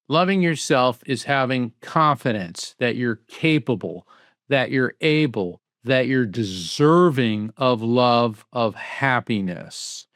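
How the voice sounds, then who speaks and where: A man speaking as a guest in an interview, answering emphatically with rhetorical questions and lively anecdotes. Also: mid-range voice, takes it slowly, no room sound, studio quality. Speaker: psychic medium and guest.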